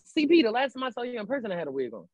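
Brief: woman guest, very high and very lively pitch, dull lo-fi audio. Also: rapid-fire, no echo. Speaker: podcast guest. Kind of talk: casual chat. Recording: dull lo-fi sound.

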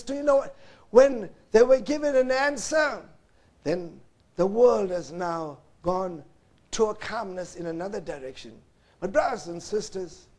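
A man with a very high-pitched voice preaches a sermon at a slow, deliberate pace. He swings between loud, emphatic lines and hushed, low passages, and he keeps calling out to his listeners as brothers and sisters. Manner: repeats "brothers and sisters" as an address.

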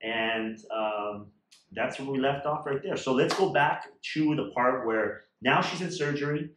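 A man's voice: medium pitch, measured pace, fairly bright tone. A man telling a story in a casual chat, blunt and irritated, and swearing freely. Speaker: vlogger sharing a surgery trip story. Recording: echoey room with faint noise.

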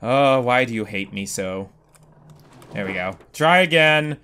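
A young man commentating a video game as he plays, swearing, panicking loudly and laughing at himself. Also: mid-range voice, animated, unhurried, smooth. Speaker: gaming commentator. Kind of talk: let's play commentary. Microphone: desk microphone.

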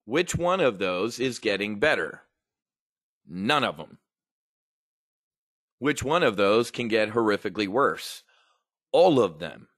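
With a fairly low, expressive voice that's a bit bright, this options trading show host speaks unhurriedly with long pauses. He comments on the market and news in a casual, blunt, rambling way, swearing along the way; the studio-quality audio has no room sound.

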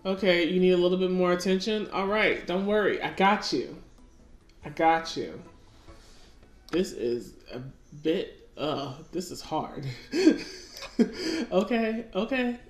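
In an echoey room with faint music, an unhurried woman with a voice on the low side casually comments on her gameplay. She's a chatty let's-play gamer who talks to her game characters.

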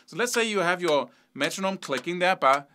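A man's voice: sits high, lively intonation, a little fast, sharp tone, a little hiss or hum. A man giving a casual guitar lesson, rambling a little and counting and scatting rhythms aloud as he demonstrates. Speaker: guitar teacher. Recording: guitar playing under the voice.

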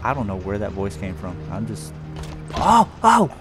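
A man hosting a gaming channel, talking casually as he plays and breaking into loud exclamations and slang. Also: deep voice, fairly even intonation, brisk. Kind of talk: casual gameplay commentary. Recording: loud game music behind the voice.

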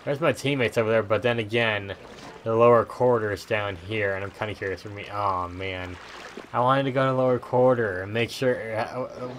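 A man giving relaxed, rambling commentary while playing a video game, casual and offhand. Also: fairly low pitch, moderate pace, a little hiss or hum. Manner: laid-back, rambling, says "dude" a lot. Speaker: let's play host.

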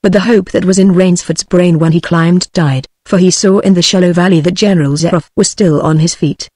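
A woman's voice: lowish voice, a little fast, dry recording. A text-to-speech woman's voice with a British accent narrating an audiobook, reading evenly. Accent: British English. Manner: even synthetic reading. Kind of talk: scripted narration. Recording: dry close text-to-speech.

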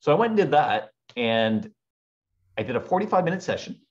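A man in his forties, a guest on a business podcast, telling his story with lively acted-out quotes. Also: fairly high pitch, a little fast. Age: 40s. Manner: animated storyteller acting out quoted voices. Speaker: guest speaker. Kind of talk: storytelling interview. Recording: dull lo-fi audio.

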